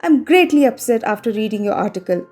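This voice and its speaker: A woman's voice: fairly high pitch, expressive, brisk, a little mellow, faint music behind. Woman voicing a sobbing guilt-ridden mother. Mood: upset pleading. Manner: sobbing, pleading, faltering. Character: distraught young mother, tearful and guilt-ridden.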